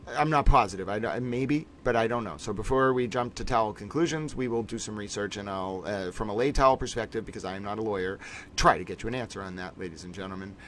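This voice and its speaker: A man's voice: fairly low pitch, quick pace, a little hiss or hum. A man hosting a casual livestream, chatting playfully and theatrically with his viewers. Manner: playful, theatrical, repeatedly addresses viewers as ladies and gentlemen. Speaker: livestream host.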